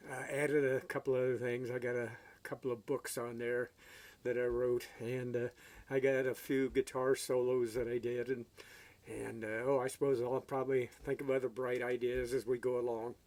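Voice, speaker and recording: A man telling a story in a casual, folksy way, halting often with fillers, as an amateur songwriter and guitarist. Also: mid-range voice, steady tone, darkish tone.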